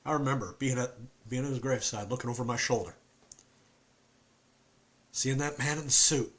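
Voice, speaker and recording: A man voicing a grieving rural Southern man, speaking in a slow, halting drawl with a Southern accent as a dramatic monologue. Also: mid-range voice, a bit bright, natural voice. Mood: grim, haunted.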